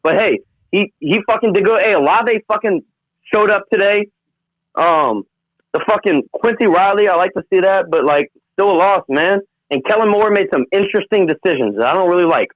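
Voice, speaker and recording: A man's voice: high voice, moderate pace, no echo. A man calling a sports show by phone, ranting in a heated, profane, insistent way. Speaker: caller. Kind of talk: angry sports call-in rant. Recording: muffled phone line.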